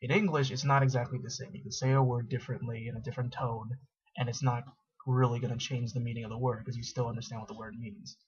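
A man's voice: medium pitch, level tone, fast, slightly rough. A young man talking casually to his webcam, stumbling over restarts and joking at his own expense. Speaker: vlogger. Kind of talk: casual explanation to camera. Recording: dull lo-fi webcam audio.

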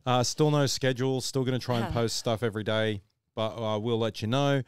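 A man's voice: medium pitch, steady tone, fairly quick, clean tone, no room sound. A man hosting a podcast, chatting casually with a guest and making dry jokes. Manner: dry, joking, wraps up the show. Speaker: podcast host. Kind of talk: casual chat.

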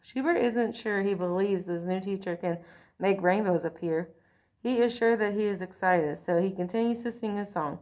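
A woman's voice: medium pitch, moderate pace. Woman reading a picture book aloud. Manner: expressive, occasional slips and throat-clearing. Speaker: storybook reader.

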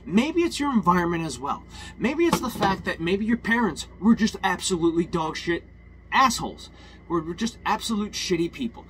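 A man's voice: sits high, sing-song, normal speed, noisy background. A man ranting in a heated, rambling personal monologue, swearing often and restarting his sentences.

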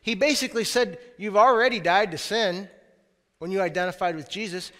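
A man's voice: sits high, a little fast, sharp tone. A man preaching a sermon in a conversational way, with asides to the congregation. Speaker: pastor. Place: church sanctuary. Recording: long church reverb.

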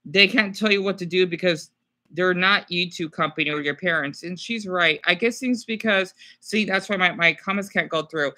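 A stressed man on a home live stream, his bright, forward voice catching as he stops and restarts. He keeps repeating himself and apologizing, talking into a webcam mic. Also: high voice. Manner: halting, repetitive, apologetic. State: stressed and distressed. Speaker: small YouTuber livestreaming. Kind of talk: emotional live stream talk.

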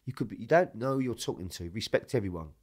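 A man's voice: lowish voice, fast talker, slightly rough. Swearing man telling stories. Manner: swears constantly, animated storytelling. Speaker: podcast guest. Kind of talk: casual storytelling chat.

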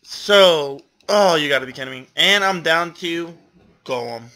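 Bright-voiced young guy commentating a game. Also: on the high side, measured pace. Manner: self-deprecating, exclamatory, laughs often. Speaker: gamer commentator. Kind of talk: casual gameplay commentary.

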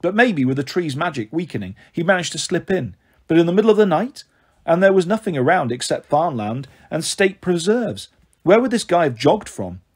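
Lively, husky man reading a story. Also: fairly high pitch, fairly quick. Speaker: audiobook reader. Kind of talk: first-person storybook narration.

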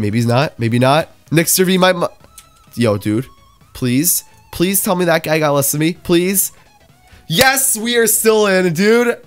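A young man giving excitable gaming commentary, talking to himself while he plays. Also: fairly high pitch, dry recording. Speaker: gaming YouTuber.

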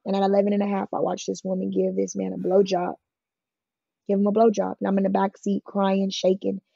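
Woman guest telling her story, plain-spoken and frank, raspy and gravelly, on a dry recording. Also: mid-range voice, monotone, fairly quick, mellow, no echo, dull audio. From California. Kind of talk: emotional personal storytelling in an interview.

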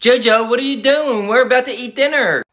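A man's voice: extremely high pitch, fairly quick, bright, forceful tone. A man voicing a tired, exasperated mother who scolds her spoiled daughter in a comedy sketch. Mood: firm.

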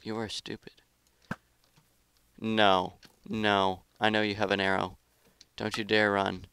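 A man giving live gameplay commentary as a gaming YouTuber, excitable, trash-talking opponents and grumbling about lag. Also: on the low side, takes it slowly, a little hiss or hum.

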